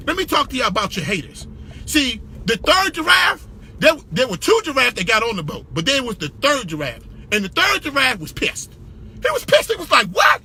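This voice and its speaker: Male motivational speaker; piercingly bright, high voice, emphatic repetition, punchy shouts. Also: slight background noise. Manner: preacher-like call-and-response. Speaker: business speaker. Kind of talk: motivational talk.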